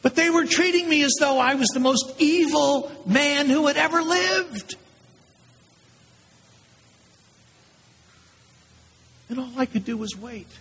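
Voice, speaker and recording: A man voicing a condemned male prisoner awaiting crucifixion, telling his story in a first-person dramatic monologue with intense pauses. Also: very high-pitched, fairly bright tone, husky, heavily acted. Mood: terrified. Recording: long hall reverb.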